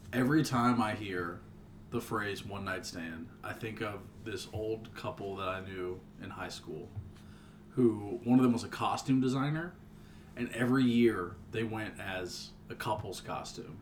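A man's voice: lowish voice, unhurried, a little hiss or hum. Playful young man co-hosting a podcast. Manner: playful, storytelling, animated when excited. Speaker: podcast co-host. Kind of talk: casual chat.

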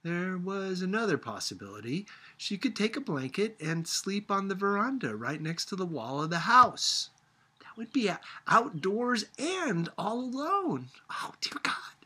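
A man reading a novel aloud as a teacher, with expressive delivery that sometimes drops to a whisper. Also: high-pitched, unhurried, slightly rough.

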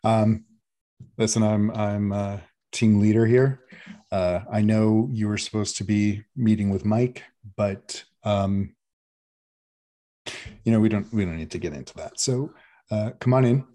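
A man voicing a tired young woman team leader who speaks flatly and shows no reaction. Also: lowish voice, unhurried, close to an everyday voice. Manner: flat and unbothered.

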